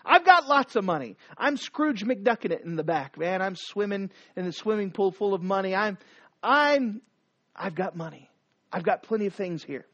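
A man playing a boastful, hateful ancient male royal official who brags and bursts into shouting. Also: sits high, animated, moderate pace, no echo, highs cut off. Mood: bragging.

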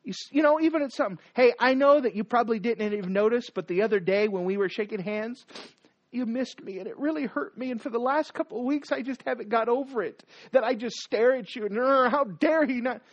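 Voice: mid-range voice, quick pace, lo-fi sound. A preacher giving a sermon, exhorting the listeners with repeated commands and rhetorical questions.

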